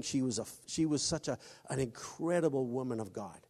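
A man preaching a sermon, halting often with restarts and acting out quoted voices. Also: mid-range voice, warm tone. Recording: long hall reverb.

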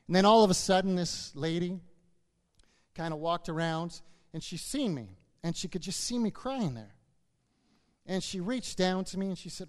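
A man's voice: sits high, lively intonation, normal speed, long reverb tail. A man preaching a sermon, telling a personal story and building to fervent, repetitive exhortation.

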